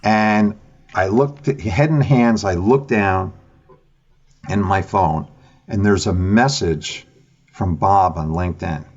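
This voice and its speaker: A man, a podcast guest and author, telling an animated story in an interview over a video call, acting out the conversations he recounts. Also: deep voice, slow pace, muffled recording.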